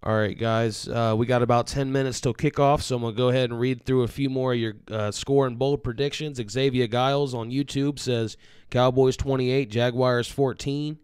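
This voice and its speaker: Co-hosting a live fan sports show, a man talks casually and steadily while reading out viewer comments. His voice sits at medium pitch with a moderate pace and clean tone, captured in studio quality without echo.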